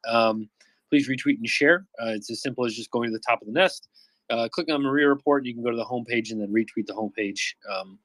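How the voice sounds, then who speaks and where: A man's voice: on the low side, fairly bright tone, dry recording. A man hosting a live audio chat, casually organizing the speaker order and asking listeners to share it. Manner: busy, organizing speakers while asking for patience.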